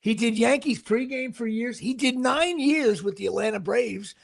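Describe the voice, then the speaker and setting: A man hosting a casual sports podcast, rambling excitedly and tripping over his words. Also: very high-pitched, normal speed, vocal fry. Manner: rambling, excitable, stumbles and restarts. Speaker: podcast host.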